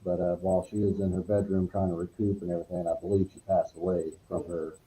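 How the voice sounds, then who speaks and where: Middle-aged male guest, very deep and dark, halting delivery full of fillers. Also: little pitch movement, slight background noise, low-quality recording. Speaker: podcast guest. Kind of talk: casual storytelling.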